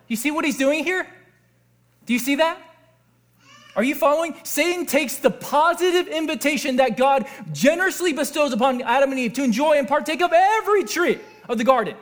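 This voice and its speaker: Male pastor, sermon, animated, quizzes the congregation, very high voice. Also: normal speed. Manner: animated, asks the audience questions.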